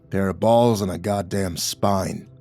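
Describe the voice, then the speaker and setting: A hoarse, slurring father, drunk and full of contempt, as a narrator puts him on. His voice sits low and rough, with a faint music bed underneath. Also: unhurried, dark tone. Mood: contemptuous. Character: drunk, hostile middle-aged father with a hoarse, slurring growl.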